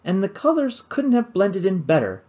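A man narrating an adventure novel in the first person, with an expressive storytelling delivery. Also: high voice, moderate pace. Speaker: audiobook narrator.

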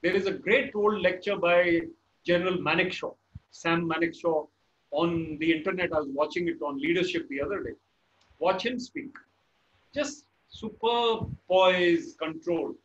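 High-voiced Indian English man teaching. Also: dull audio. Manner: measured, explanatory, deliberate pauses. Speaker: motivational speaker. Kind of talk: public speaking lesson.

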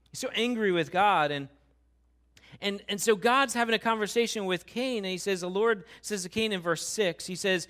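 A man preaching a sermon as pastor, talking in a conversational, animated way with quick asides and repeated restarts. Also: high-pitched. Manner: acts out what God and others say.

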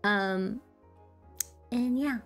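A woman streamer in a casual chat with her live chat, tired and with a sore throat, soft-spoken and laughing often. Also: a little high, very slow, faint music behind. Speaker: VTuber streamer.

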